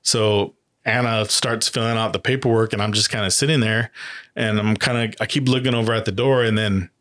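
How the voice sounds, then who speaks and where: A man telling a personal story in a halting, casual way, with many fillers and restarts. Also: lowish voice, fairly even intonation, a bit bright. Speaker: guest, adoptive parent.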